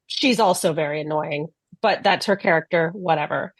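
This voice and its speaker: A woman's voice: fairly low pitch, animated, a little fast, no room sound. A woman co-hosting a podcast, recapping a show in casual chat with blunt, sarcastic remarks. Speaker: podcast co-host.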